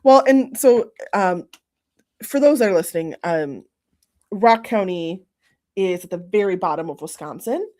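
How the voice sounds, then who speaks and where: A woman's voice: mid-range voice, lively intonation, dark tone. A woman hosting a casual interview, talkative and friendly. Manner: friendly, talkative, quick agreements. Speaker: host.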